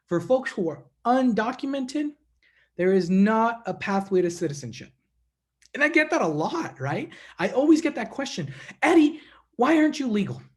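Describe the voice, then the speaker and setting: A man giving a speech to a congregation as a guest speaker, telling stories in an animated way and calling the audience his friends. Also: high voice, moderate pace.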